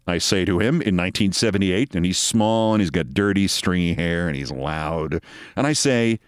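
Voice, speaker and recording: Loud 60s guy telling a story on his podcast, emphatic, dry sound. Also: deep voice, moderate pace, clean tone, dry recording. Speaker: podcast host. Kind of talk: storytelling monologue.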